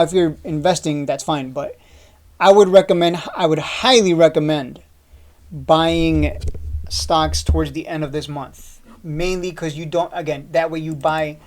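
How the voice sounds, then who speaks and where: A man's voice: fairly high pitch, steady tone, unhurried. A man hosting a stock market video, walking through a chart in a casual, urgent way, repeating his points and asking rhetorical questions, with frequent "uh" restarts. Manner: loose, chatty with frequent "uh" restarts.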